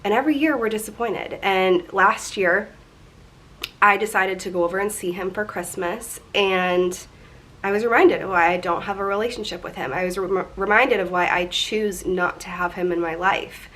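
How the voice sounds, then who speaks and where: A woman's voice: mid-range voice, moderate pace, a bit bright. A woman in her twenties talking candidly and emotionally in a personal confessional vlog, rambling a little as she goes. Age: 20s. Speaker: vlogger.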